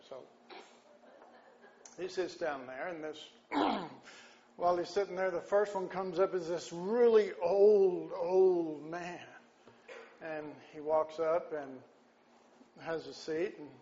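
A man preaching a sermon, folksy and unhurried, often clearing his throat. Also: fairly high pitch, dark tone. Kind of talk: sermon with an opening joke. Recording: dull lo-fi sound with faint background noise.

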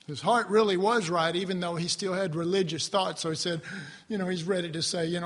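A man with a high, bright voice teaches the Bible conversationally. He speaks with an earnest, animated manner and a slightly husky edge, often stopping to clear his throat. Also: normal speed. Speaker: preacher.

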